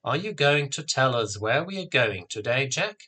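A man voicing a curious mother asking questions in a slightly raised pitch. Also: sing-song, moderate pace, bright, forceful tone. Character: curious adult mother, gently inquisitive.

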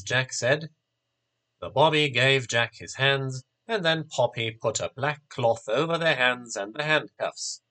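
Slow, expressive male storyteller. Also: medium pitch. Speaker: narrator. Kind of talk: storybook reading.

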